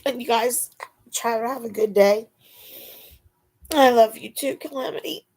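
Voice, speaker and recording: A woman talks unhurriedly on her live stream. She chats to her viewers in an easy, relaxed way and laughs often. She slips into a cooing baby-talk voice for her dog. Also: fairly high pitch, unhurried. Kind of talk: casual live chat.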